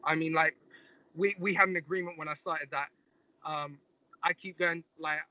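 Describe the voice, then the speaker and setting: A young man from the UK in his twenties, speaking as an interview guest in a relaxed way with lots of "like"s. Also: on the high side, moderate pace, lo-fi sound. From United Kingdom. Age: 20s. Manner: relaxed, rambling with many "like"s. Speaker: guest fighter. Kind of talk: casual interview chat.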